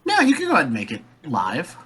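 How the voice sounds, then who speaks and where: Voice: medium pitch, huge pitch swings, quick pace, a bit bright, a little hiss or hum. A game master narrating a tabletop game, describing scenes and calling on players to roll. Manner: describes scenes and calls for rolls.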